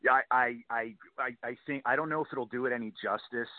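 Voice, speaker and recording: A man hosting a radio interview, enthusiastic and quick to chime in. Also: medium pitch, steady tone, no echo, phone-quality sound. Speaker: radio host.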